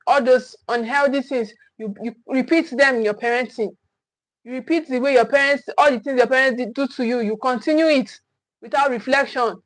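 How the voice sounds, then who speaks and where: A woman's voice: sits high, no echo, low-quality recording. Emphatic woman parent coach, dry. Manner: emphatic, repetitive restarts, acts out scolding parents. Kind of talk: teaching talk to camera.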